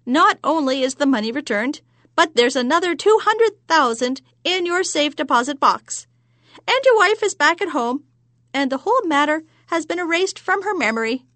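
A woman voicing a hideous old witch in a told joke, loud, shrill and drawn-out. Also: expressive, no room sound. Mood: triumphant. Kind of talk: storytelling joke, acted voices.

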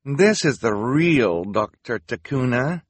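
A sharp, impatient villainess sneers down at everyone, her voice pitched high and pushed loud. A man reads her in an audiobook, with a husky grain and a dry, close sound. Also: expressive, slow, dry recording. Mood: haughty. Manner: snarling, impatient, theatrical. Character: haughty scheming villainess, sharp and cruel.

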